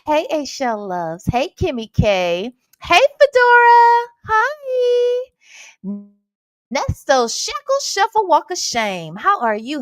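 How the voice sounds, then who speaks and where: A high-voiced woman runs a casual livestream in a sassy, playful way, calling out her viewers one by one. Her pitch leaps and dips with a lot of life, and she takes her time. The sound is dry and close, with no room around it. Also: fairly bright tone, no echo. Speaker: livestream host.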